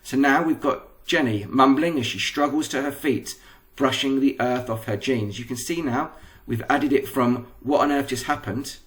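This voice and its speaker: Man, English accent, primary teacher, patient explanation, medium pitch. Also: moderate pace, fairly bright tone. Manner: patient, step-by-step instruction. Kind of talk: recorded lesson explanation.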